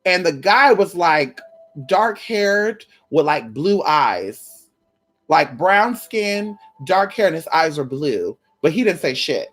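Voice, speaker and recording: A spiritual vlogger talking casually and profanely to an online audience. The delivery is animated and conversational, peppered with "girl", "honey" and "y'all" as the speaker tells personal stories. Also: mid-range voice, takes it slowly, soft background music. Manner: profane, animated, talks straight to viewers. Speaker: spiritual content creator. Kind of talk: casual chat to viewers.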